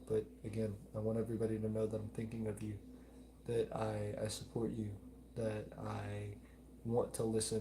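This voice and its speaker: Low-voiced man, mild Southern drawl. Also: background noise. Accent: mild Southern US (Alabama). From Alabama, United States. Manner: earnest, repeats pleas, reads chat aloud. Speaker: live stream host. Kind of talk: live stream chat, reading comments.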